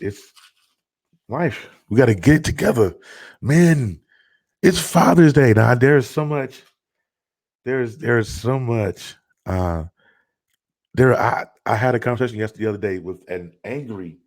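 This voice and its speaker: A man's voice: on the low side, normal speed, pauses often, dry recording, clean studio sound. A middle-aged man hosting a live stream from home, talking loosely with lots of fillers and restarts. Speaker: host of a live stream show. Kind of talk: casual live-stream chat. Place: at home, child heard nearby.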